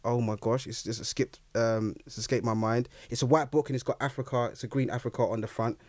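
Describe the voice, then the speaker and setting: This young man's mid-range voice moves quickly as he tells his story as a guest in a relaxed interview. He's animated and acts out his own reactions. His voice is captured dry and close, with no echo.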